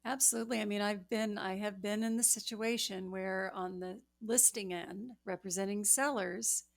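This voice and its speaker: A woman hosting a real estate podcast, telling a story from her own work in a slow, measured way. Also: mid-range voice, steady tone, creaky. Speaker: podcast host, realtor. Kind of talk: casual chat, recounting an anecdote.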